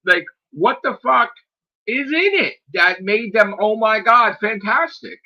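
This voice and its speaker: A man's voice: sits high, a little slow, pushed and bright. A man hosting a podcast, ranting in a casual, exasperated way, full of swearing, repeated rhetorical questions and "like". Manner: exasperated, profane, rhetorical questions, lots of 'like'. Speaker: podcast host. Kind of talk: casual rant. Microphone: streaming microphone. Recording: slightly dull lo-fi sound.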